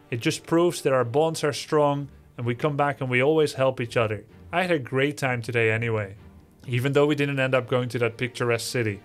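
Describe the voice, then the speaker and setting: A man's voice: medium pitch, a little fast. A man streaming live, reading viewer messages aloud with a sarcastic, mocking, theatrical manner, faint music behind him. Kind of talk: livestream reading chat messages.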